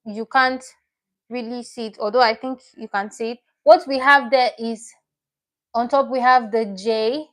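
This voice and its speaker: A woman's voice: fairly high pitch, fairly even intonation, unhurried. A woman teaching a live online language lesson, patient and repeating each word as she explains it step by step.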